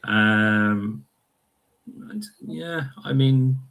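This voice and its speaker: A man on a podcast panel over a video call, answering in a measured way with a hesitant "uh" before each pick. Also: mid-range voice, vocal fry, fairly bright tone. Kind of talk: casual panel chat.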